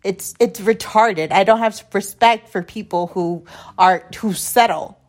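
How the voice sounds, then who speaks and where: A podcast host, this young adult woman has a mid-range voice and a measured pace. Her casual storytelling monologue about her own life wanders, swears freely, stays blunt, and loops back over the same points.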